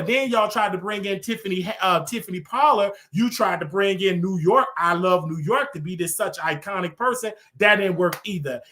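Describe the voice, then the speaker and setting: A male host tears into his targets in a heated commentary rant. He mocks and repeats himself for effect, and his voice is high-pitched and bright. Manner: heated, repetitive, mocking. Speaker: show host.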